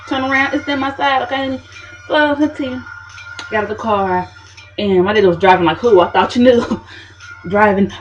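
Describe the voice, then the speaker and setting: A woman's voice: fairly high pitch, normal speed, long pauses, soft background music. Woman, sassy diva vlogger, dramatic storytelling, dull slightly muffled sound. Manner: sassy, dramatic diva persona, repeats "okay, honey". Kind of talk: casual storytelling to camera.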